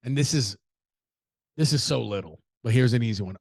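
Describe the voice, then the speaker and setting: A man talks through a solo podcast in a loose, blunt, profane way, often slipping into acted-out quotes of other people. His voice has a gravelly edge. The sound is close and dry, with no room around it. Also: medium pitch, fairly quick, darkish tone, no room sound. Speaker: podcast host. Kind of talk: casual solo podcast commentary.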